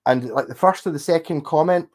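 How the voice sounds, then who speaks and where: A man's voice: a little high, a little fast, a little mellow. A drunk man with a Scottish accent, hosting a casual late-night livestream, rambling and swearing as he rants to viewers. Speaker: livestream host.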